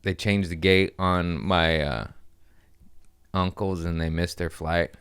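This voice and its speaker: A man's voice: deep voice, fairly even intonation, slow, a bit bright, smooth, no room sound, studio quality. A young man hosting a comedy podcast, telling loose stories in casual chat, swearing and doing playful voices.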